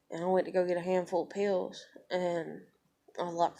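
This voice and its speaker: A woman's voice: fairly low pitch, flat delivery, brisk, darkish tone. A young woman, telling a personal story to camera in a blunt, profane, conversational way. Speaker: vlogger.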